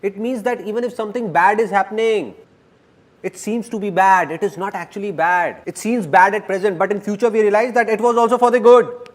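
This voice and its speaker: A man giving a motivational talk to a live audience, animated and playful, repeating his key lines. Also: sits high, brisk, crowd noise, noisy background. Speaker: motivational speaker.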